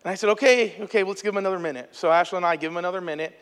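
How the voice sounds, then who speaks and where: High-voiced male pastor in a reverberant hall. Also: very fast, a bit bright, smooth. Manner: storytelling, emphatic, conversational asides. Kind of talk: sermon. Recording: echoey hall.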